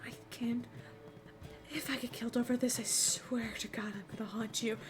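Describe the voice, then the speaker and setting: A woman voicing a frightened female bank employee who scolds her coworker in a tense, hushed voice. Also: sits high, unhurried, over music, voice pushed up. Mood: hushed fear.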